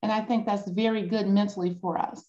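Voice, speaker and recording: A woman leads a support group over a video call. Her tone is encouraging, and she pauses often with ums. Her voice has a middle pitch, and the audio sounds a little dull. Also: steady tone, warm tone. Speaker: grief support group facilitator. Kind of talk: group discussion.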